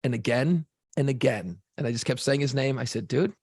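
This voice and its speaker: Gravelly-voiced man telling stories on a podcast. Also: medium pitch, normal speed, dry recording, studio quality. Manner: animated storyteller, swears freely. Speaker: podcast co-host. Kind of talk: casual podcast chat.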